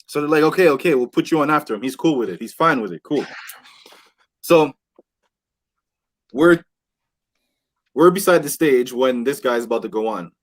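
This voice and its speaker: A man telling a wild story on a casual podcast with friends, animated and swearing, acting out what people said. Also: mid-range voice, normal speed, pauses often. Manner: animated, swears a lot, acts out quotes. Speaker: podcast host. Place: indoor podcast room with friends.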